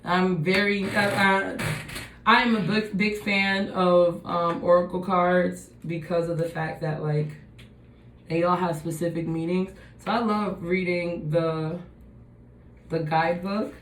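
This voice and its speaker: A woman's voice: on the low side, steady tone, slow pace, a bit bright. A woman giving a casual tarot reading, musing and thinking aloud as she turns over the cards. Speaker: tarot reader. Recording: echoey room.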